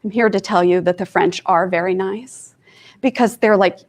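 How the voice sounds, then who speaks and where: A woman's voice: medium pitch, fairly even intonation, normal speed. A woman life coach from Kansas giving an informal talk to students, chatty and self-deprecating, with asides to her audience.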